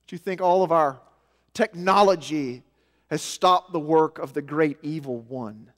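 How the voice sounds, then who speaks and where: A man preaching a sermon, with animated delivery that swings between loud emphasis and soft, low asides. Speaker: pastor. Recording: long hall reverb.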